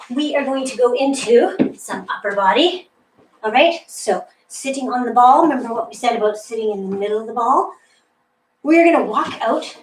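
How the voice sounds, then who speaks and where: A woman with a fairly high voice leads an exercise class, talking members through each move in a chatty, encouraging way. She sounds set back from the mic, her voice bouncing around an echoey room. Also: recorded from a distance, slight background noise. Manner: chatty, encouraging cueing with asides. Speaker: fitness instructor. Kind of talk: live workout instruction.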